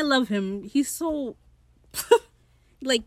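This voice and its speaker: A woman's voice: mid-range voice, normal speed, no room sound, clean studio sound. A woman in her late teens recapping a TV episode in casual, gushing chat, swearing freely. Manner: excitable, gushing, swears freely, laughs often. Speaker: TV show recap host.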